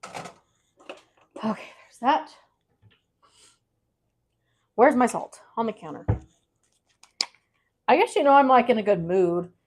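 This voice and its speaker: A woman's voice: a little high, lively intonation, slow pace, pauses often, darkish tone, a little hiss or hum. A woman vlogging casually from her home kitchen, out of breath and frazzled, chatting to herself as she gathers things. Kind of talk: casual cooking vlog chat.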